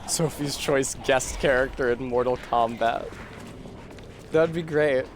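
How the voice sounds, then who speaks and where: A man's voice: medium pitch, unhurried, background noise. A man streaming a game, commenting casually with sarcastic, rambling asides and frequent swearing.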